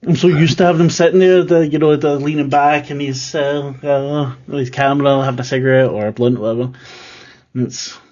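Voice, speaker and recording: A man's voice: medium pitch, steady tone, fairly quick, darkish tone, muffled recording. A man running a tabletop horror game as keeper, talking casually with lots of fillers and restarts. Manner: rambling, filler-heavy, self-deprecating.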